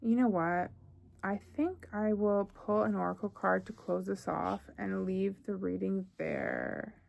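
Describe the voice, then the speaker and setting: Young woman doing a tarot reading, chatty, lots of ums, bit of vocal fry. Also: mid-range voice, fairly even intonation, a little slow, darkish tone. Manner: chatty, thinking aloud with fillers. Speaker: tarot reader.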